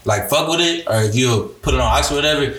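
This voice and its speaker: A man's voice: mid-range voice, lively intonation, fast talker, fairly bright tone. A twenty-year-old man talking as a guest musician in a casual podcast interview, laid-back and full of slang, with many restarts. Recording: roomy echo.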